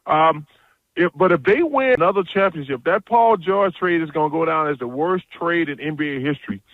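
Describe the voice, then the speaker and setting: A man's voice: fairly high pitch, animated, a little fast, no echo, narrow, tinny audio. A man chatting as a guest analyst on a radio show, blunt and jokey, telling stories with lots of restarts. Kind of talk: casual phone-in radio chat.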